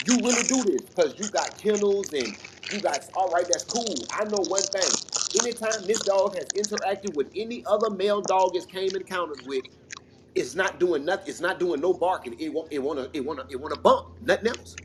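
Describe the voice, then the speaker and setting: An animated man from Mississippi spins a long story in loose casual talk, swearing freely and acting out the voices of the people in it. His voice sits a bit high for a man, and a steady hiss of noise runs under the audio-chat recording. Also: brisk. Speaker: regular panelist.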